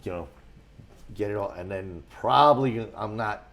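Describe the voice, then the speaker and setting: A man, a guest on a talk show, telling rambling stories with a lot of restarts and getting animated as he goes. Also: fairly low pitch, normal speed. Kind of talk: casual storytelling on a talk show.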